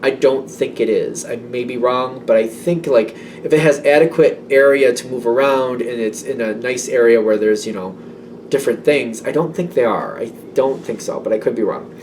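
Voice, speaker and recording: A man's voice: medium pitch, moderate pace, darkish tone, recorded from a distance, slight background noise. A man giving a casual tarot reading, rambling and self-doubting, with many fillers. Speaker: tarot reader.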